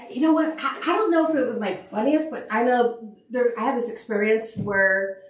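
A woman's voice: on the high side, normal speed. A woman who works as a paramedic, telling stories from her career in casual conversation. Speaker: paramedic guest. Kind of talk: casual storytelling on a podcast. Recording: echoey room, mic at a distance.

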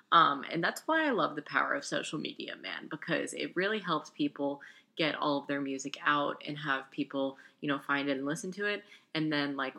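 Chatty low-voiced podcast host, woman. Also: bright, forceful tone. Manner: rambling, chatty, lots of fillers. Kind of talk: casual chat.

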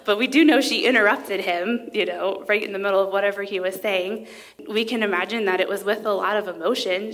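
A woman speaking at a women's conference, giving a sermon in a conversational tone with frequent filler words. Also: mid-range voice. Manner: reads scripture passages aloud.

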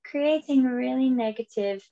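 A woman from England, a podcast guest, talking things through in halting bursts with repeated words. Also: high voice, dark tone, lo-fi sound. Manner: halting, repeats words, acts out quoted lines. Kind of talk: reflective conversational interview.

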